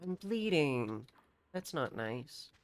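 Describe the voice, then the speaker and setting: Excitable streamer with lively pitch. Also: slow. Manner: excitable, swears freely, reacts aloud. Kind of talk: live gameplay commentary.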